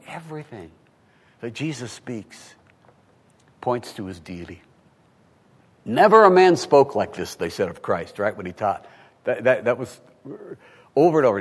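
A man preaching a sermon, animated, asking rhetorical questions and swinging from hushed tones to loud. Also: medium pitch. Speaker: pastor. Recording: long hall reverb.

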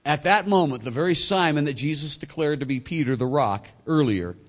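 A male pastor delivering a sermon, swinging between loud emphatic points and quiet, low asides. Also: animated, brisk.

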